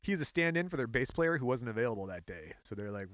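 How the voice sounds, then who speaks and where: A man's voice: mid-range voice, sing-song, quick pace, fairly bright tone, no room sound. A man co-hosting a casual podcast, telling a story with playful teasing asides. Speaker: podcast co-host. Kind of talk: casual chat.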